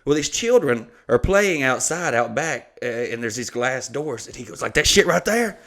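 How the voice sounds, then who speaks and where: A man's voice: medium pitch, moderate pace. A man, a comedian hosting a podcast, telling a rambling, profane story in casual chat. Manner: rambling, profane, animated retelling.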